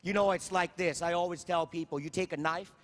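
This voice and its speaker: A man's voice: high-pitched, fairly even intonation, brisk. A man giving a motivational stage speech at a sales convention, emphatic and repetitive, firing rhetorical questions at the crowd. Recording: long hall reverb.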